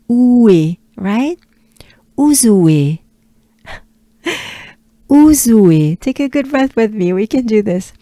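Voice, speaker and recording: With a warm, mid-range voice on a dry recording, a French-accented woman from France gives a patient pronunciation lesson. She repeats sounds, coaches breathing, and now and then lowers to a whisper.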